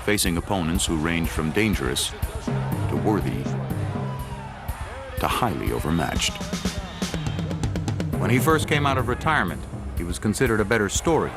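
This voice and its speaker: A man giving measured, scripted narration for a sports documentary. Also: deep voice. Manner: measured, even storytelling delivery. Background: music bed.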